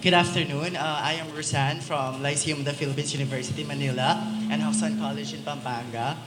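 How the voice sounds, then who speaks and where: A woman's voice: deep voice, fairly even intonation, fairly quick. A woman from the audience asking a question formally. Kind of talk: question from the floor. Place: large event hall. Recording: echoey hall, noise behind.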